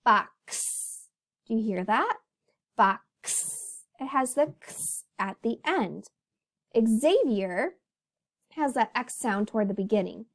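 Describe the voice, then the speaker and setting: A woman teacher giving an animated phonics lesson to young children, telling the letters' stories and talking to them as boys and girls. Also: on the high side, moderate pace, hardly any pauses.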